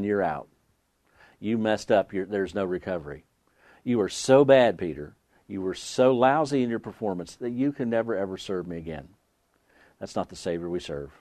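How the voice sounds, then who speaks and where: A man's voice: deep voice, mellow, no echo. A man preaching a sermon, reading scripture aloud and asking the congregation earnest rhetorical questions. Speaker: pastor.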